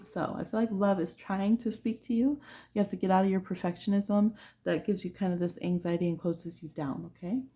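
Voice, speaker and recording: Giggly tarot reader woman, gravelly and mellow. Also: mid-range voice, fairly even intonation, fairly quick, highs cut off. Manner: chatty, giggly, acts out little voices. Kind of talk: pick-a-card tarot reading.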